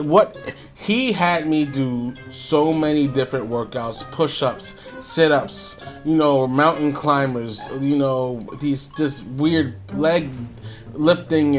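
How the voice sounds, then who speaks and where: Rambling man telling a story over music. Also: mid-range voice. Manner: rambling, many fillers and restarts, chuckling. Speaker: YouTuber. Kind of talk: casual storytelling.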